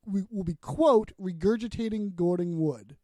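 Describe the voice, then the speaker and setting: A man's voice: high-pitched, moderate pace, darkish tone, dry recording. A man co-hosting a podcast, rambling and laughing as he recaps a TV episode. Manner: rambling, chatty, laughs often. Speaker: podcast co-host. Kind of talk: casual chat recapping a TV episode.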